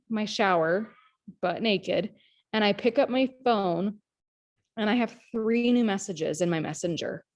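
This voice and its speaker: A woman giving a motivational pep talk to her sales team on a group video call, energetic and chatty, often turning to the listeners as "you guys". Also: mid-range voice. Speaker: team leader in a direct-sales team.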